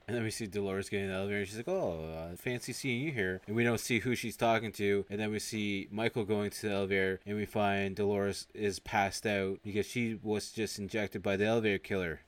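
A man with a low, relaxed voice hosts a podcast and casually retells a film scene by scene. He keeps breaking into high, silly character voices as he quotes the people in it. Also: fast talker, few pauses. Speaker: podcast host. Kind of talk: casual movie recap.

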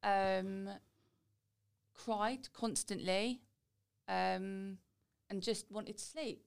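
A woman speaking candidly about her own experience in a relaxed, chatty way. Her voice has a light gravelly fry in a mid pitch. She tells it plainly, like a guest on a talk show. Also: very slow. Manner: chatty, quotes people in little voices. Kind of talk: candid personal story.

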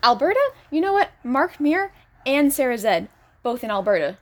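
A woman's voice: high-pitched, sing-song, moderate pace. A young woman from California chats on her podcast in a slightly raised voice. She gushes freely, stringing thoughts together with plenty of "like". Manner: gushing, fillers of "like". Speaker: podcast co-host. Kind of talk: casual chat.

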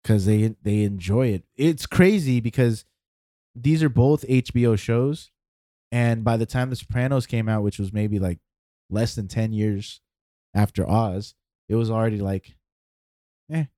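A man in his forties chatting on a podcast in a relaxed, rambling way with many fillers and repeated words. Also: lowish voice, measured pace, no room sound, clean studio sound. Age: 40s. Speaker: podcast co-host. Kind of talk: casual chat.

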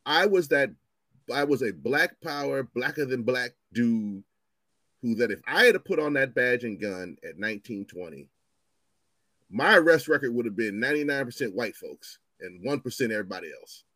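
Man, 50s, storyteller guest; lively swooping delivery, salty language, dry close sound. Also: medium pitch, normal speed, no room sound. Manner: animated, profane, acts out voices in his stories. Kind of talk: casual storytelling chat.

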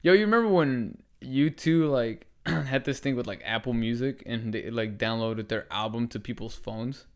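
A man's voice: medium pitch, moderate pace, hardly any pauses, clear, resonant tone. Rambling, swearing podcast guy. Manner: rambling, swears a lot, many fillers. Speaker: podcast co-host. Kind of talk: casual chat.

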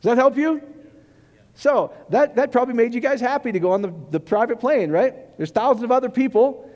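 A man preaching a casual, joking sermon, rambling and excitable, giddy from too little sleep. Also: extremely high pitch, a little fast. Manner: rambling, excitable, long-winded. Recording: long reverb of a large hall.

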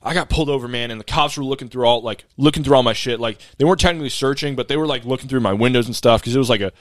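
A man putting on a jittery delivery driver who rattles on in quick rambling bursts, a bit higher than a plain voice. The recording is close and dry. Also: no room sound, close to an everyday voice. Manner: rapid rambling chatter. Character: jittery fast-talking male delivery driver.

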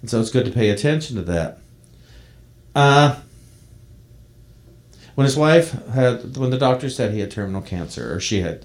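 A man preaching a sermon, reading a devotional text aloud and then speaking gently to his congregation. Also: mid-range voice. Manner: reads a devotional poem aloud, then preaches in a soft, slowing voice. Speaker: minister.

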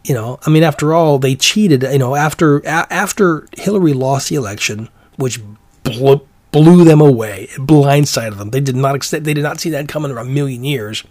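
A man hosts his own commentary show and works through his views in a loose, meandering monologue. His voice sits in a middle pitch, and he often stops and starts mid-sentence. The sound is dry and close, with no room around it. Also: normal speed, a little mellow, no room sound. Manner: rambling, many restarts and fillers. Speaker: commentary podcast host. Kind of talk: rambling opinion monologue.

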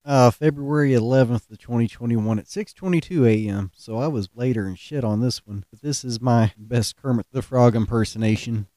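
Laid-back man with a mellow voice. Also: medium pitch, normal speed, hardly any pauses, dry recording, studio quality. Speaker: podcast host. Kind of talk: casual storytelling.

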